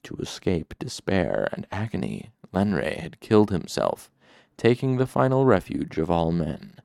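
A man reading a fantasy novel aloud as an audiobook narrator, measured and steady. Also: deep voice, gravelly, no echo.

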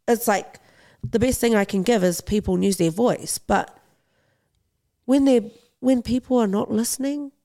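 Urgent, gravelly-voiced woman guest. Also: mid-range voice, dark tone. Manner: earnest, urgent, repeats phrases for emphasis. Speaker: interview guest, boxing champion. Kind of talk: podcast interview.

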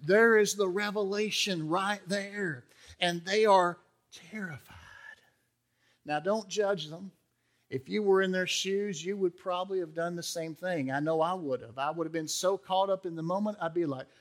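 A man's voice: sits high, normal speed. A male pastor preaching a sermon in a conversational way, acting out the quotes in character voices.

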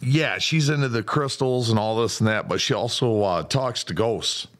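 A man's voice: medium pitch, moderate pace. A man chatting as a guest on a podcast, talking in a hesitant, loose way with some swearing. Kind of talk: casual chat.

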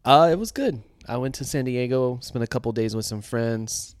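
A man's voice: medium pitch, normal speed, no room sound, clean studio sound. A man with a Southern US accent co-hosting a casual podcast, answering in short, easygoing replies. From Southern United States. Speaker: podcast co-host.

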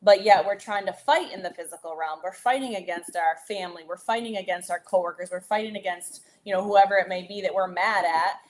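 A woman co-hosts a relaxed Bible discussion, speaking at an ordinary pitch and pace. She offers thoughtful reflections and affirms her partner's points. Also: brisk, hardly any pauses, slight background noise. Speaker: co-host.

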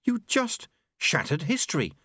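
A man voicing a brisk, practical young woman in an audiobook, speaking crisply at a raised pitch. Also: wildly swooping pitch, pushed and bright, no echo, studio quality, exaggerated voice.

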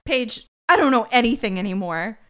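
Expressive woman podcast co-host. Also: on the high side, moderate pace. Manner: incredulous, exclamatory, laughs often. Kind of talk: casual rewatch podcast recap.

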